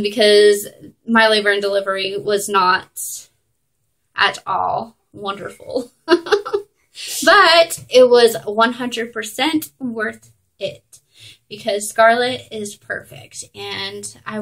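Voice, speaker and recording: A young woman vlogging at home, telling a personal story in a chatty way, full of "like" and "um" and quick laughs. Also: a little high, a bit bright, low-quality recording. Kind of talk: casual storytelling to camera.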